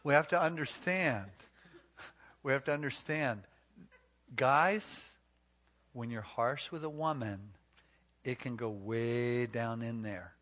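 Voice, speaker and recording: A man's voice: medium pitch, expressive, slow pace, long pauses, fairly bright tone. A man speaking at a marriage retreat, preaching emphatically and coaching volunteers through role-play. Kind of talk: sermon-like teaching with live role-play.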